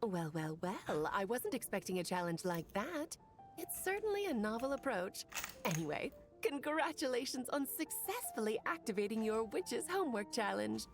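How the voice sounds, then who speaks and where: A woman's voice: on the high side, vocal fry. A woman voicing a grand, playful female witch in a video game, speaking in a theatrical, mock-formal way.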